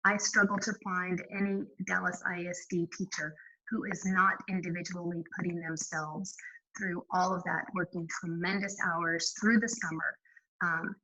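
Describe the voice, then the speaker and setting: A woman's voice: medium pitch, pushed and bright, muffled recording, a little hiss or hum. A woman moderating an online panel discussion, asking appreciative questions.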